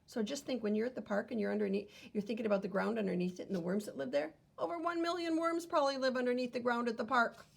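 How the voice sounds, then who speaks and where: A woman's voice: on the high side, fast talker, vocal fry, hardly any pauses. A woman teacher reading a picture book aloud to children, wondering aloud and explaining as she goes.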